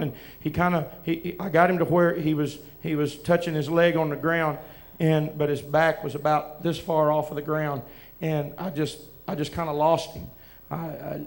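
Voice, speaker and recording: A man with a Southern US accent, preaching as he tells a halting, emotional testimony with many restarts. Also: on the high side. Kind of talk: testimony from the pulpit.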